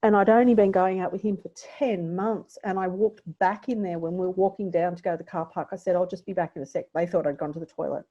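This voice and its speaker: A middle-aged Australian woman tells a personal story as a podcast guest, candid and reflective. Her voice sits low and mellow. The recording is dull and lo-fi. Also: steady tone, fast talker, few pauses. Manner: candid, reflective, emotional at times. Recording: dull lo-fi audio.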